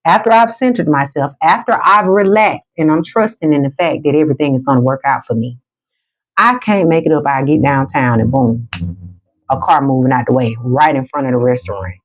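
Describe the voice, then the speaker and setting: Low-voiced woman giving emphatic spiritual advice. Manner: emphatic and repetitive, slows down for calming affirmations. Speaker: spiritual card reader on a livestream. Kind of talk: motivational livestream chat. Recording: dull lo-fi sound.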